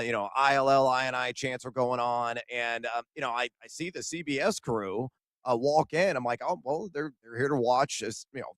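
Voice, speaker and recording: A man co-hosting a sports radio show, excitedly recounting his day at a basketball event and acting out the conversations. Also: mid-range voice, no room sound. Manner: animated storyteller, acts out quoted exchanges.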